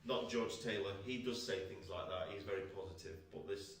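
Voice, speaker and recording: A man's voice: on the low side, brisk. A man, a church pastor, hosting a quiz in a casual, jokey, teasing way during an online church chat. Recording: echoey room, voice picked up from a distance.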